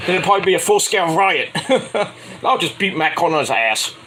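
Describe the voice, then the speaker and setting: A man's voice: high voice, animated, a little fast, pushed and bright, a little hiss or hum, low-quality recording. Profane rambling male vlogger. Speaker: wrestling vlogger. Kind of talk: casual rambling commentary.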